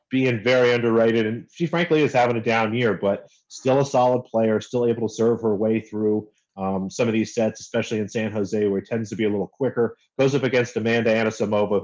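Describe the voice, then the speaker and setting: A man giving a steady, analytical run-through of tennis betting picks in a casual chat. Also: fairly low pitch, muffled recording.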